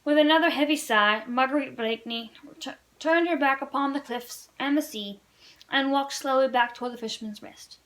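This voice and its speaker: A woman's voice: high voice, normal speed, fairly bright tone, low-quality recording. A woman reading a classic novel aloud for a read-along, earnest and storybook-paced, with occasional stumbles. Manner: earnest storybook narration, occasional slips and restarts. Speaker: reader of a book-club read-along.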